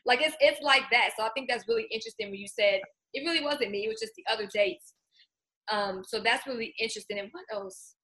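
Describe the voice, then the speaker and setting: Bright-voiced woman host, rambling. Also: fairly high pitch, big pitch swings, fast, creaky. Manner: rambling, searching for words. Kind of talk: casual interview chat.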